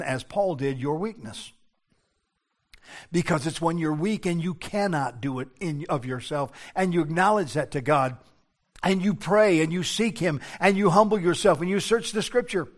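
An older pastor with a notably high-pitched voice delivers a sermon. He preaches earnestly, dropping to hushed, low tones and then climbing into raised, urgent appeals. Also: expressive, normal speed.

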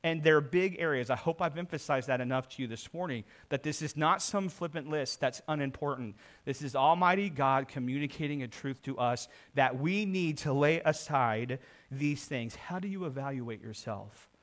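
Middle-aged male pastor, earnest sermon delivery, slightly higher voice, builds to emphatic peaks. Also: normal speed. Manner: earnest preaching, swells louder for emphasis.

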